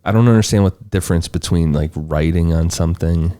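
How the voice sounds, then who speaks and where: A man's voice: low-pitched, fast, dark tone. A man co-hosting a podcast, telling a case in a casual, laid-back way. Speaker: podcast co-host presenting the case.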